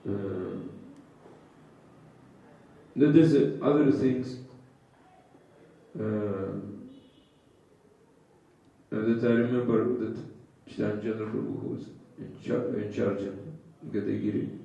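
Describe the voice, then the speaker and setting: A man giving a devotional scripture class in simple broken English, speaking haltingly with frequent pauses and filler sounds. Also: on the low side, fairly even intonation, creaky, warm tone. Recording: echoey, dull, distant hall sound.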